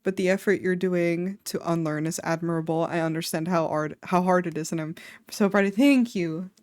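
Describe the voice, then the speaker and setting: A woman streamer chatting casually on a live stream, self-deprecating and quick to laugh. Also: on the low side, fairly even intonation, darkish tone, no echo, studio quality. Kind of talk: casual livestream chat.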